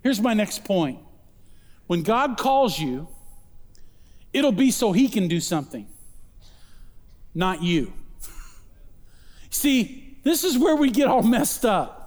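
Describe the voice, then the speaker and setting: A man preaching a sermon, emphatic, darting between quick asides and slow, stressed words. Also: high voice, very animated, darkish tone, big-room sound. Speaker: pastor.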